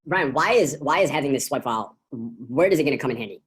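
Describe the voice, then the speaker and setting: A woman's voice: a bass voice, lively intonation, quick pace. A woman co-hosting a course, teaching in an enthusiastic, rambling way over a video call, with many fillers and restarts. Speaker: course co-host. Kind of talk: casual teaching talk.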